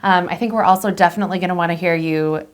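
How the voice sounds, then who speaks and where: A woman hosting a local TV interview who asks friendly, lively questions. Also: fairly low pitch, rapid-fire, crowd noise. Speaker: host.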